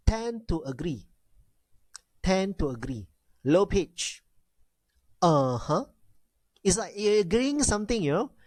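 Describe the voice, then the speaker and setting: Man, language teacher, unhurried, repeats himself, exaggerated tone demos, dry sound. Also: fairly high pitch, no room sound. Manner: repeats key phrases, addresses class as ladies and gentlemen; demonstrates tones with exaggerated sounds. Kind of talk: classroom lecture.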